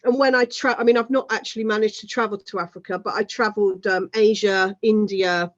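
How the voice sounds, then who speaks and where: A woman's voice: mid-range voice, fairly even intonation, fairly quick, highs cut off. A woman in her thirties, a guest in an interview, chatting at length with many "you know" asides. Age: 30s. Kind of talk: casual conversation.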